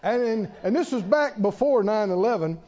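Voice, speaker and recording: A man preaching a sermon in an animated, storytelling way, often chuckling. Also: high-pitched, normal speed, in a large hall, dull audio.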